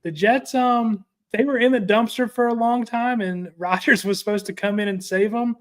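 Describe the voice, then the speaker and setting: High-voiced man rambling about football. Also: fairly even intonation. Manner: rambling, halting restarts, spells words out for emphasis. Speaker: sports show co-host. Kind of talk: casual sports talk.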